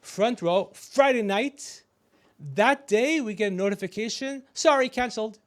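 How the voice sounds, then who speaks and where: A man's voice: high voice, a little slow. A middle-aged man hosting a comedy podcast, telling rambling, profane stories in casual chat. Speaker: podcast host.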